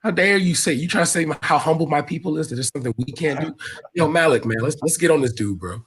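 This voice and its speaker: A man's voice: a little high, animated, fast talker, fairly bright tone, breathy edge. A man hosting a casual livestream chat, full of teasing, mock-outraged banter. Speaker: host.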